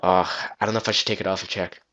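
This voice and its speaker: A man talking through a casual software tutorial on a gaming headset, rambling loosely and swearing now and then. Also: deep voice, little pitch movement, racing, muffled recording, noisy background. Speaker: tutorial maker.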